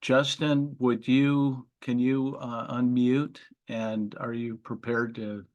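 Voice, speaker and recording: A man of middle pitch running a video meeting. He calls on speakers and keeps things moving in a brisk, polite way. He is heard over a video call. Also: little pitch movement, a little mellow, muffled recording. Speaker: meeting moderator.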